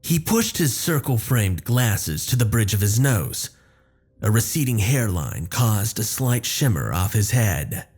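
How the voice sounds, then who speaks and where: A man narrating a first-person horror story in a measured, descriptive way. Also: lowish voice, sing-song, darkish tone, breathy edge.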